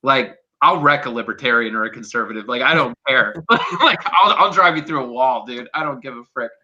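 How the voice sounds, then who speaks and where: A man talking fast and heatedly as a guest in a political chat, emphatic and casually swearing. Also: mid-range voice, pushed and bright, muffled recording. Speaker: guest, teacher intern.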